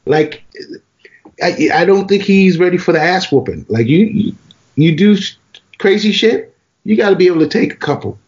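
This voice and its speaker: A man on a casual comedy podcast as a guest comedian, laid-back and quick to laugh. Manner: laid-back, laughs often, lively swings in pitch. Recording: dull lo-fi sound.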